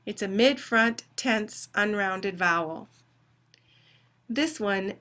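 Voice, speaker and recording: A woman phonetics instructor giving a recorded lecture, deliberately spelling out sounds and dictating test words. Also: medium pitch, pushed and bright.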